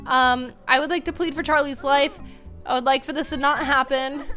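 High-pitched woman doing chatty let's-play commentary, talking right to her viewers. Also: fairly even intonation, fairly quick, fairly bright tone, soft background music. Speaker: gaming channel host.

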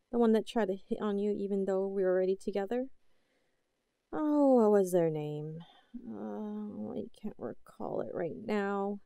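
A woman's voice: a little high, mellow, no echo, clean studio sound, full character voice. A woman voicing an obsessive, possessive girlfriend in an audio drama, sweet-talking with unsettling laughs.

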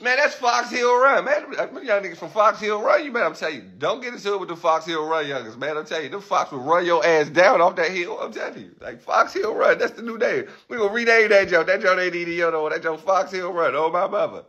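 A man's voice: high-pitched, quick pace, few pauses, bright, forceful tone, dull audio. A man with a Washington DC accent, ranting boastfully on a livestream into a handheld phone camera, swearing and laughing often. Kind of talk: rambling livestream rant.

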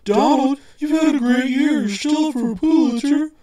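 A man's voice: very high voice, moderate pace, dark tone, reverberant, distant mic, pitched above the performer's own voice. A man voicing a prim newspaper boss pressing a reporter to quit, in an insistent, repetitive way.

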